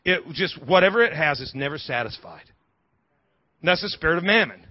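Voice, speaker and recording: A male pastor preaching a sermon in an animated, humorous way, with quick asides and lots of repeated words. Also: a little high, no echo, dull audio.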